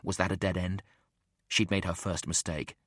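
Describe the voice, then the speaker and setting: Deep-voiced male audiobook narrator. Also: steady tone, moderate pace, fairly bright tone, no room sound, studio quality. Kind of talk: scripted narration.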